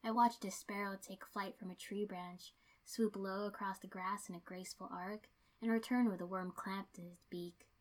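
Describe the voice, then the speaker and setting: A woman's voice: mid-range voice, fairly even intonation, moderate pace, hardly any pauses. Woman steadily reading a story aloud. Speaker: reader.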